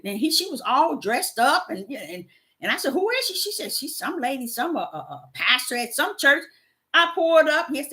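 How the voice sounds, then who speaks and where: A middle-aged woman preaches with fire, her voice bright and pitched a little high. She drops to near-hushed storytelling, then builds to loud, emphatic exhortation. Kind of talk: sermon.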